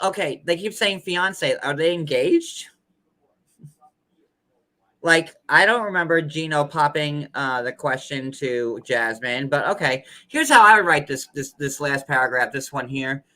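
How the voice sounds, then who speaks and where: A man's voice: on the high side, lively intonation, normal speed, sharp tone. A man hosting a casual commentary show, chatting loosely with many fillers and reading comments aloud. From United States. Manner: chatty, lots of "like" and restarts, reads comments aloud.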